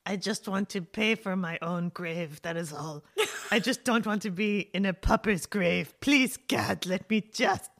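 A woman's voice: mid-range voice, unhurried, creaky, a bit bright, voice pushed down. A woman voicing a weary, dramatic old female house cat who pleads in mock-tragic tones. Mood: mock despair.

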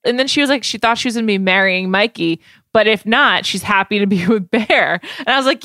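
A woman co-hosting a casual podcast chat, lively and chatty, full of "like." Her voice sits at an ordinary middle pitch. The sound is dry and close, with no room around it. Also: a little fast, dry recording. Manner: chatty, animated, says "like" often. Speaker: podcast co-host.

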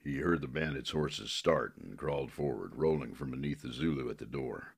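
A man narrating a western novel in a steady, measured way. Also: a bass voice, gravelly, breathy edge.

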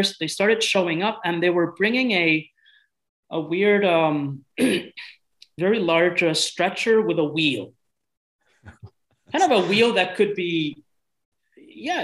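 A man from Europe, a guest telling a story in a casual, halting way, often repeating words and restarting. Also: sits high, a bit bright, poor audio.

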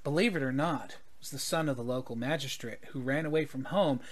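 Dry, sarcastic male guide , played by a man, measured and unimpressed. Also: mid-range voice, natural voice. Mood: sardonic.

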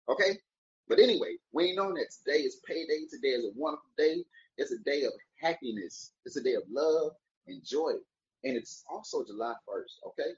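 A man's voice: on the high side, expressive, a little fast, highs cut off. A man talking casually and playfully to his viewers, rambling with jokes and wordplay while wishing them a good day. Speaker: vlogger giving daily encouragement. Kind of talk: casual motivational talk to camera.

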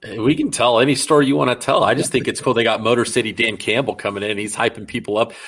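A man's voice: mid-range voice, fairly even intonation, fast talker, fairly bright tone, slightly rough. A man hosting a casual interview, enthusiastic and slangy as he reacts to his guest. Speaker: podcast host.

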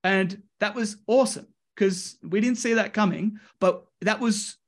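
Australian male wrestling coach, high voice, lively storyteller who does the voices. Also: a little slow. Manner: lively, voices the people in his stories. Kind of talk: animated storytelling.

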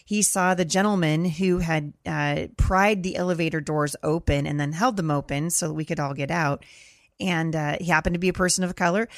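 A woman's voice: on the low side, gravelly, dry recording, studio quality. A middle-aged woman hosting a podcast, telling stories in an earnest, conversational way. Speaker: podcast host. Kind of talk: casual commentary monologue.

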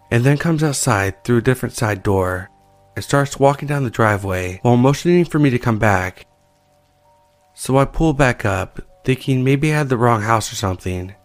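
A man calmly reading listener-sent creepy stories aloud, as the show's narrator. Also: on the low side, no room sound. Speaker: horror story narrator. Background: soft background music.

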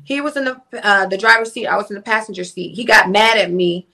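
A young woman recounts events as an interview guest with a bright, forward voice. She talks casually, blunt and profane, and keeps the telling lively. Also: medium pitch, fast talker. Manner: candid, profane, animated retelling. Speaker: interview guest, livestream influencer. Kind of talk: casual storytelling.

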